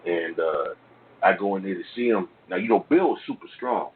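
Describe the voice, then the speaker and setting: A man's voice: low voice, moderate pace. A middle-aged man, a guest in an interview, telling stories casually in loose street slang and often tagging "man" and "you know what I'm saying". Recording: tinny phone-like sound with faint noise.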